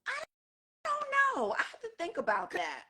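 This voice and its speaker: A middle-aged woman talks over a video call from a hotel room, her high voice leaping around with dramatic exclamations. Her tone is bright and sharp, and she co-hosts in a loose, chatty way. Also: huge pitch swings, normal speed. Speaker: co-host. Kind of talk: casual chat.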